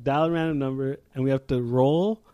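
A man in his twenties co-hosting a podcast, excitable and casual, laughing often and swearing freely. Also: mid-range voice, brisk, clear, resonant tone, dry recording, highs cut off. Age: 20s. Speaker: podcast co-host. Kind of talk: casual chat.

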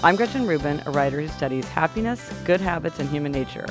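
Hoarse woman hosting a podcast. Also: sits low, lively intonation, quick pace, over loud music. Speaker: podcast host. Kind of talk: casual chat. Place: New York City.

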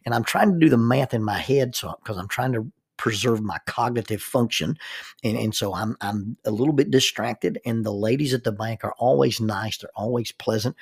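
A man's voice: medium pitch, creaky, breathy edge, no room sound, clean studio sound. An American man, a counselor and minister, telling a personal story in a casual, rambling way and often repeating words as he thinks aloud. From United States.

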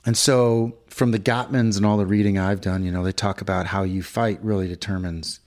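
A man's voice: deep voice, steady tone, normal speed, a little mellow. A middle-aged man co-hosting a podcast, telling a long story in a rambling casual way and acting out the people in it. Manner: rambling storyteller, acts out quoted voices. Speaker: podcast co-host. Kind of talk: casual chat.

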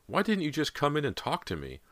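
A stubborn, jittery teenage girl from a spooky storybook, her voice rising shrill and tense under a bright, forceful edge, as a man reads her. It sits dry and close, with no room around it. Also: wildly swooping pitch, brisk, no room sound. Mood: angry.

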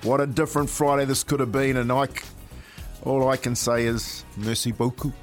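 Brief: boisterous New radio co-host, laughing, soft music under him. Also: male voice, mid-range voice, little pitch movement, moderate pace. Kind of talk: excited sports radio banter.

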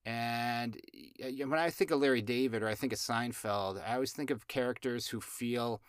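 A man of middle pitch talks in a loose, conversational way, full of "um" and "uh" and restarted phrases. He sounds close and dry. He drops jokey asides as he goes. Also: moderate pace, clean tone, no room sound. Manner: rambling, many fillers and restarts. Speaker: astrology show host. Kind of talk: casual chat.

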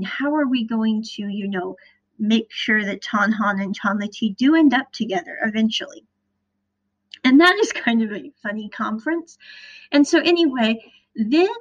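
A chatty woman from the Midwest recaps a series on her podcast, retelling scenes in an animated way. Her voice sits a little high. The recording is dull and lo-fi. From American Midwest. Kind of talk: casual recap monologue.

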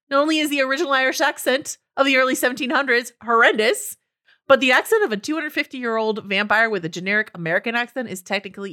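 Bright-voiced woman podcast co-host. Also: fairly high pitch. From Northern California. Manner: laughs often, animated. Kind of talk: casual chat.

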